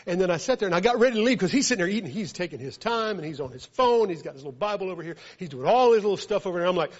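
Southern preacher with a high animated voice. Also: male voice, rapid-fire. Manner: animated, builds from quiet to loud when telling a story. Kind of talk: storytelling sermon. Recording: dull lo-fi recording.

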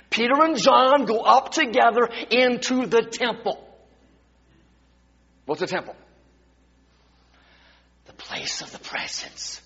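Man, preacher, very high voice, lively swooping pitch, dramatic whispers to shouts, long church-hall reverb, dull lo-fi sound. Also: slightly rough. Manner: dramatic, swings from hushed whispers to loud exclamations. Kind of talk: sermon with storytelling. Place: church sanctuary.

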